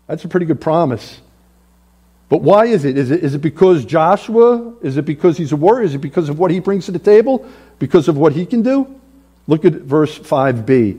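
A man preaching a sermon in a church, animated, acting out the voices of biblical figures. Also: on the high side, moderate pace, husky. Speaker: pastor. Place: church sanctuary.

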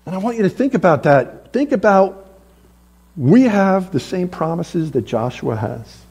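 A man preaching a sermon in a church, animated, acting out the voices of biblical figures. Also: sits high, measured pace, breathy edge. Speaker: pastor. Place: church sanctuary.

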